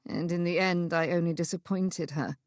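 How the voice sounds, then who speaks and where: A woman voicing a young Regency gentleman, brooding and wry, with a sarcastic, self-reproaching manner. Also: fairly low pitch, fairly even intonation, moderate pace, no room sound, studio quality, natural voice.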